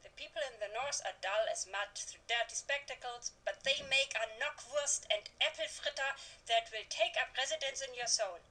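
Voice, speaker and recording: A woman's voice: on the high side, moderate pace, few pauses, bright, forceful tone, rough recording. A woman voicing an old female storyteller in a video game, with a put-on German accent and a theatrical, mysterious manner. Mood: fond. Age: older. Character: old female storyteller, ominous and food-loving. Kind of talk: video game character acting.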